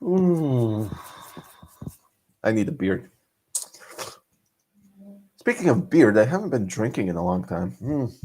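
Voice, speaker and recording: A man's voice: lowish voice, very animated, slow, long pauses, warm tone, slight background noise. A man from Serbia, chatting casually on a live stream, joking and laughing often between lines.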